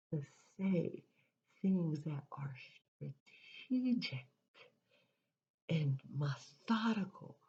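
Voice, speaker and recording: A woman's voice: fairly low pitch, vocal fry, dark tone, breathy edge, muffled recording. A woman giving an emphatic spiritual motivational monologue, repeating herself and often dropping into a whisper. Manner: emphatic, repetitive, drops into whispers. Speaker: spiritual speaker.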